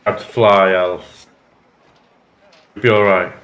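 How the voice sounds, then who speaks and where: A man's voice: low-pitched, steady tone, takes it slowly, noisy background. A man playing a tabletop game, easygoing and cheery. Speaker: player.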